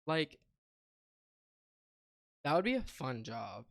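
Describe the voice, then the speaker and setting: A man's voice: medium pitch, very animated, takes it slowly, gravelly, a bit bright. Sarcastic, swearing young man. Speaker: podcast co-host. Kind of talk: casual chat.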